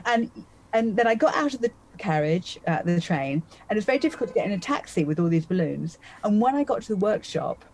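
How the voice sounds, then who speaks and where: A woman's voice: mid-range voice, animated, a little fast, darkish tone, slight background noise, low-quality recording. A woman in her fifties, a magician guest on a podcast, telling a personal story vividly and acting out her own thoughts as she goes. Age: 50s. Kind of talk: animated storytelling in a conversation.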